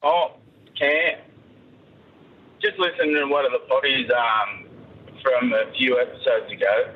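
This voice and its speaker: A man's voice: medium pitch, steady tone, measured pace, husky. A man leaving a rambling voice message for a podcast, with many ums. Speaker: caller. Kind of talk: phoned-in voice message. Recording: dull lo-fi phone message.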